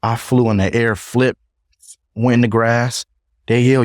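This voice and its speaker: A young man, a podcast guest, telling his own story in a casual, animated way and acting out what others said. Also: medium pitch, unhurried, no echo, clean studio sound. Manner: animated retelling, acts out others' voices.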